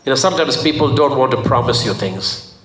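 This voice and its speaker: A man preaching a sermon, playful and animated, acting out little voices. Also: brisk. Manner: animated, playful, acts out voices with sudden high and low swings. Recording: echoey hall.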